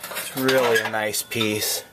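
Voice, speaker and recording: A man with a Minnesota accent rambles casually in a vlog as he shows and prices items he sells and trades, using many fillers and self-corrections and now and then griping with mild swearing. His voice is fairly low and flat, slow-paced, and the recording is very noisy.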